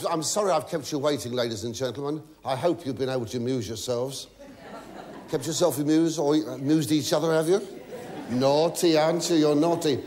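A man's voice: medium pitch, a little hiss or hum. A man doing live stand-up on a theatre stage, in fussy, flustered patter full of stammered restarts, asides and mock indignation. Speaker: stand-up comedian. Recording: echoey theatre, loud audience laughter.

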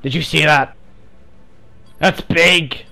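A man's voice: on the high side, steady tone, slow pace, creaky, sharp tone. A man trolling other players over game voice chat in a mock-earnest, playfully provocative way.

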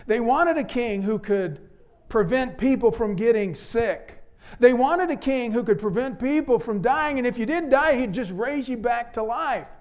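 A man preaching a sermon with a fairly high voice. His delivery is dramatic, dropping to hushed, earnest appeals and rising to loud exclamations. He speaks from a church pulpit. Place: church sanctuary.

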